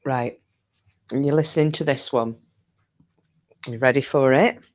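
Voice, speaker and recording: A woman's voice: rumbling low, unhurried, a little mellow, slight background noise. A woman from Scotland hosting a casual live chat with viewers, talking in a jokey, rambling way with lots of fillers and restarts. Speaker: live stream host.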